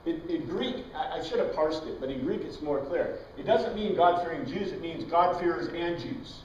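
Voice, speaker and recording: A man's voice: a little high, normal speed, darkish tone, a little hiss or hum. A man teaching an informal Bible class, chatty, quizzing his students and wandering into tangents. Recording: dull, echoey room recording from far off.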